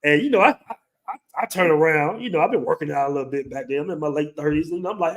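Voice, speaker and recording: A man in his forties with a fairly high voice spins a tale in casual talk. He is animated, acting out the people in the story and cussing casually along the way. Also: fairly quick. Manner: animated, acts out quoted voices, swears casually. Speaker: host.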